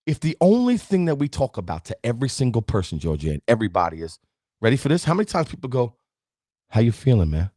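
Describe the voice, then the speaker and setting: A man's voice: mid-range voice, huge pitch swings, fast talker, darkish tone, no room sound, clean studio sound. A middle-aged man hosting a podcast, giving an emphatic, preachy motivational talk straight to his listeners. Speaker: podcast host.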